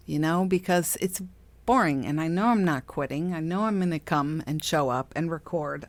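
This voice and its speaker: A woman's voice: lowish voice, no room sound. A middle-aged woman hosting a podcast, talking casually about spiritual self-help, chatty and laughing often, acting out voices she quotes. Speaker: podcast host.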